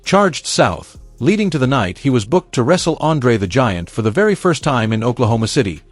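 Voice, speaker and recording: A man's voice: medium pitch, very animated, brisk, dry recording. A man giving scripted documentary narration, building suspense. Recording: dry voice-over over music.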